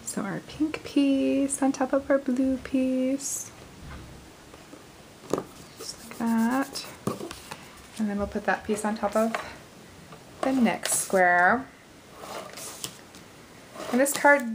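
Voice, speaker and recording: A woman's voice: a little high, slight background noise, poor audio. Chatty woman showing a craft project. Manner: chatty, laughs easily, thinks aloud while working. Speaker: craft video host. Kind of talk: casual card-making tutorial.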